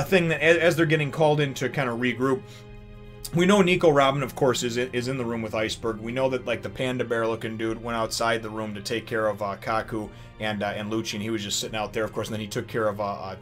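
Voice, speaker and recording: A man hosting a chatty comic review vlog at a mid-range pitch for a man. He rambles through the recap with plenty of fillers and restarts, breaking into laughs as he goes. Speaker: host of a manga review channel. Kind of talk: casual chapter review vlog.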